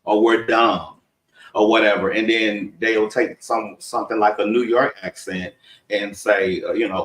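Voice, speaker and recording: A man's voice: on the low side, moderate pace, fairly bright tone, echoey room, recorded from a distance, low-quality recording. A man from Texas with a Southern accent, chatting casually and rambling as co-host of a live discussion. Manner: rambling, conversational, laughs often.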